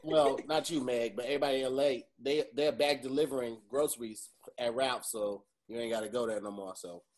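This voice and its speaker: A man's voice: mid-range voice, fairly even intonation, a little fast, a little mellow. A man co-hosting a podcast who teases his co-hosts in playful banter. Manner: teasing, playful ribbing. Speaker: podcast co-host.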